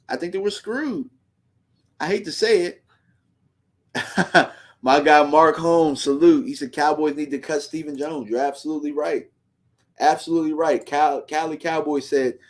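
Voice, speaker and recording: A man hosting a fan livestream, ranting heatedly in slangy casual talk and reading out viewer comments. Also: fairly high pitch.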